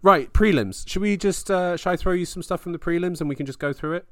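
A man co-hosting a casual fight podcast, excitable, laughing often and swearing freely. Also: sits high, quick pace, no echo, studio quality. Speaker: podcast co-host.

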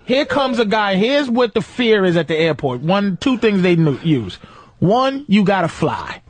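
Animated high-voiced middle-aged man ranting. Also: unhurried, no room sound. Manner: loud, mocking, acts out phone calls in funny voices. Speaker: podcast co-host. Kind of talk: profane comedic rant.

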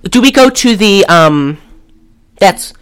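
A woman's voice: mid-range voice, expressive, slow, clean tone. A woman co-hosting a podcast, retelling a movie in a loose, rambling way full of fillers. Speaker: podcast co-host. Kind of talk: casual movie recap chat.

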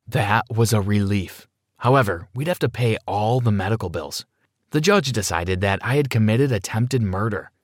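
A man narrating a dramatic first-person story in an expressive reading style. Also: fairly low pitch, moderate pace, no echo, studio quality.

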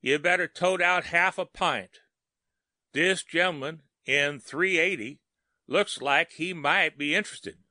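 A man voicing a gossipy young male elevator operator in a broad, excited way. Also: a little high, unhurried, dry recording, clean studio sound, pitched above the performer's own voice.

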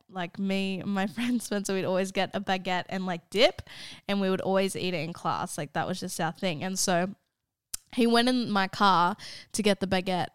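Aussie girl in her 20s cohosting a pod, laughs a lot mid story, mid pitch, dead dry studio mic. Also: clear, resonant tone, no echo. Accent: Australian. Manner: giggly, animated storyteller. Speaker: podcast co-host. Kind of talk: casual storytelling chat. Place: studio living-room set.

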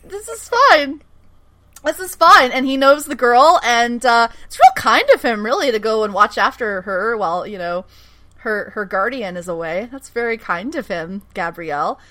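A woman's voice: fairly high pitch, normal speed. A woman co-hosting a casual podcast, retelling a TV episode with giggles, swearing and acted-out lines. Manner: giggly, animated, acts out characters' lines, swears freely. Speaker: podcast co-host. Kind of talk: casual chat recapping a TV episode.

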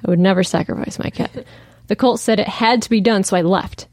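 Woman, podcast co-host, reading an email aloud, casual, animated, mid pitch, dry close sound. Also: a little fast, dry recording.

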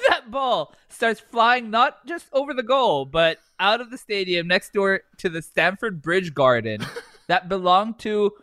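A man co-hosting a casual podcast, laughing through his lines and swearing freely. His somewhat high voice swoops up and down a lot. The sound is dry and close. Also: lively intonation, unhurried, bright, forceful tone, no room sound. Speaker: podcast co-host. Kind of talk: casual podcast chat and reading aloud.

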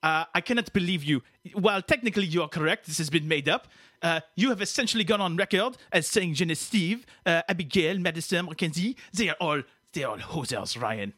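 A man's voice: a little high, expressive, brisk, pushed and bright, dry recording, studio quality. A man voicing a grumpy, insulting French-Canadian character in a mock accent during a comedic podcast bit. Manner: theatrical, scornful, name-calling.

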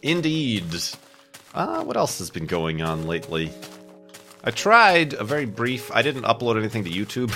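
A man's voice: mid-range voice, very animated, moderate pace, bright, forceful tone, soft background music. A man rambling chattily through casual let's-play commentary with self-mocking asides, a bit stuffy from a cold. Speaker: gaming YouTuber.

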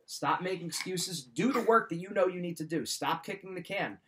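A man's voice: sits high, a little fast, sharp tone, slight background noise. A man hosting a motivational talk, giving life advice in a direct coaching manner and repeating his key points.

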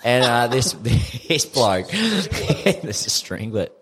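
A man's voice: medium pitch, big pitch swings, extremely slow, a bit bright, in a large hall, slight background noise. A young Australian man telling stories as a podcast guest, laid-back, swearing often and laughing through his tales. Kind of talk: casual storytelling chat.

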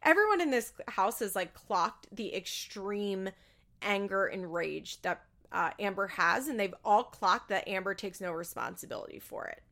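A woman hosting a podcast chats casually while recapping a reality show, voicing strong opinions, swearing freely, and acting out what others said in bigger voices. Her mid-range voice is expressive, pushed and bright, at a moderate pace.

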